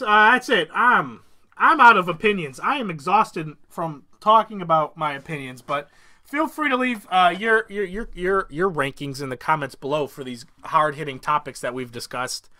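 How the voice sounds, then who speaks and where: A young man hosting a comedic ranking vlog, ranting with mock outrage and swinging from mumbled asides to loud excited bursts. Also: sits high. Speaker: YouTuber.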